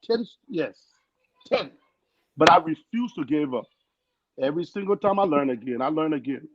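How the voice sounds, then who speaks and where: A man's voice: fairly high pitch, normal speed. Accented man telling his story over a noisy line. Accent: foreign accent. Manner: earnest, animated storyteller acting out quoted people. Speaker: guest. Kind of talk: casual storytelling. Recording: dull lo-fi sound with loud noise.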